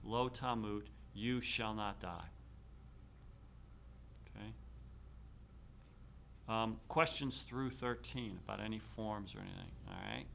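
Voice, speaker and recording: Bright-voiced man teaching a class. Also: fairly low pitch, animated, gravelly, slight background noise. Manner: slow, deliberate reading with frequent fillers. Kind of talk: classroom lecture.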